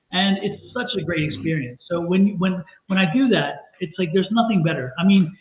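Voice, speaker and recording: A woman's voice: mid-range voice, lively intonation, moderate pace, hardly any pauses. A woman who is a psychic medium, telling stories animatedly on a livestream and often repeating herself. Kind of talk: livestream chat. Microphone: video call. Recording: tinny echoey call audio.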